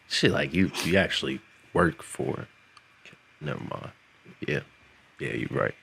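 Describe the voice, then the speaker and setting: Deep-voiced man, lively casual recap. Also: unhurried, vocal fry, pauses often, breathy edge. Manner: animated, laughing, acts out characters' lines. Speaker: podcast co-host. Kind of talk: casual show recap chat.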